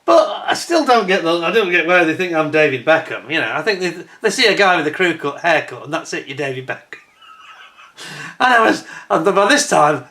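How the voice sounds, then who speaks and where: A man chatting casually to camera, telling a personal anecdote in an animated way with frequent restarts and laughs. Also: on the high side, normal speed. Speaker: vlogger.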